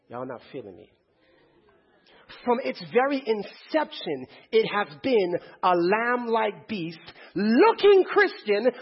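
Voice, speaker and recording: A man's voice: high-pitched, husky, highs cut off. A man preaching a sermon to a congregation in a church, firing rhetorical questions and calling on the crowd to answer.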